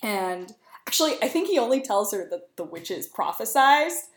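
A woman's voice: a little high, very animated. A woman podcast co-host giving a chatty, laughing plot summary in casual talk. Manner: chatty, laughing, quick asides. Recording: echoey room.

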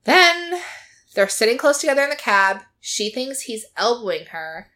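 Bright-voiced woman recapping chattily. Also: fairly high pitch, very animated, normal speed. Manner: chatty storytelling, acting out quotes, frequent "like". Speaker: podcast co-host recapping a reality show. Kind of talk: casual chat.

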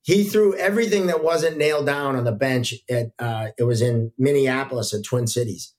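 A middle-aged man, a hockey referee, telling relaxed stories as a podcast guest, with frequent fillers. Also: medium pitch, moderate pace. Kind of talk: casual podcast storytelling.

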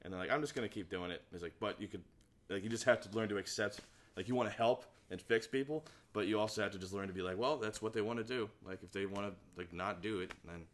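Man, lower voice, casual podcast host, rambling, quotes people. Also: fast, a little hiss or hum. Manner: rambling storyteller, lots of "like" and quoting. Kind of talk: casual chat.

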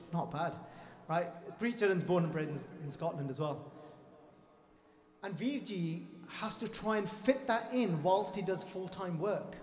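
Speaking in a fairly high, darkish voice, this Sikh preacher gives an impassioned sermon, forcefully repeating phrases and addressing the crowd directly. Faint music sounds in the reverberant hall.

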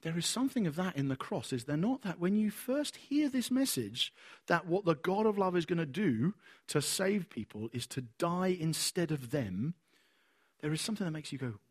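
This preacher delivers his sermon through lively stories, performing each character's voice. He speaks at a moderate pace in a husky voice on the high side.

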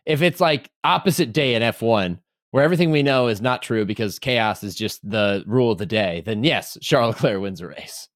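A man's voice: mid-range voice, animated, fairly quick, few pauses, no echo, studio quality. A man hosting a casual sports podcast, upbeat and steering the talk between co-hosts. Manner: upbeat, reads chat comments to hosts. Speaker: podcast host.

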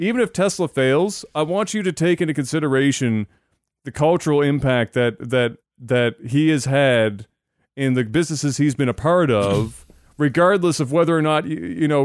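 Smooth-voiced man ranting in casual chat. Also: medium pitch, dry recording, studio quality. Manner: animated, swearing, rising loud when worked up. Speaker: podcast host.

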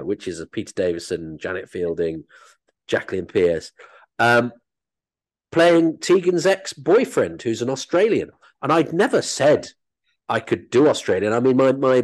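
A man who works as an actor and comedian, telling animated, self-deprecating anecdotes as an interview guest. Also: lowish voice.

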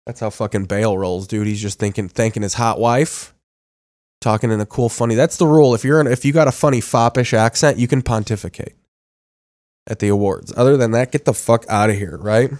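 A man's voice: lowish voice, fairly quick, a little mellow, no room sound, clean studio sound. A man hosting a podcast, doing casual, profane commentary in a mocking, crude tone with heavy swearing. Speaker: podcast host. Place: studio in a large city.

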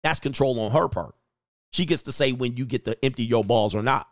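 A man's voice: medium pitch, brisk, dry recording, studio quality. A man coaching in a blunt, crude motivational monologue, with short phrases he repeats for emphasis. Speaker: dating and life coach.

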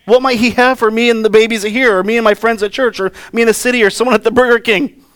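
A man's voice: very high-pitched, steady tone, fast talker, a bit bright. A man in his thirties, a pastor, preaching a sermon in an earnest, conversational way with personal stories.

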